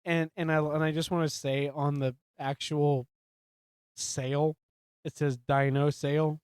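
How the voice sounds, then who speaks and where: A man's voice: fairly high pitch, flat delivery, slow pace, a little mellow, smooth, no echo. Playful man chatting about movies. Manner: laughs often, playful quips. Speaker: movie podcast co-host. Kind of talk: casual film recap chat.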